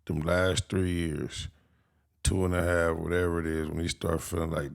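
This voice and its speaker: Deep, gravelly male co-commentator with a drawl and dry humor. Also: flat delivery, moderate pace. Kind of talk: casual commentary.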